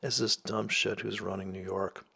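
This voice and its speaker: A man's voice: lowish voice, little pitch movement, normal speed, vocal fry, bright, forceful tone, husky. A man delivering a profane, sarcastic rant as a trading vlogger, swearing constantly and mocking people in put-on voices. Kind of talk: profane ranting monologue.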